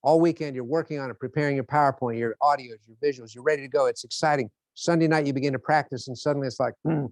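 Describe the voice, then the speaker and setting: Animated male motivational speaker. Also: medium pitch, fast, hardly any pauses, dry recording. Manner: animated storytelling, acts out scenes. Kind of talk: motivational lecture.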